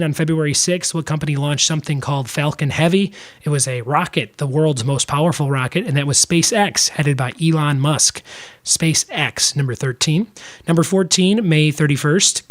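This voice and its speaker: A young man hosting a solo trivia podcast in a casual, chatty way, cracking joking asides between the answers. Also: on the high side.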